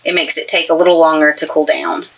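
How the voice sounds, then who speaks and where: Working with her hands inside the craft space of a toy hauler, this East Texas woman gushes cheerfully through a casual crafting tutorial for her YouTube channel, with a light East Texas accent. Her voice is deep and fast with little pitch movement, and the recording quality is low.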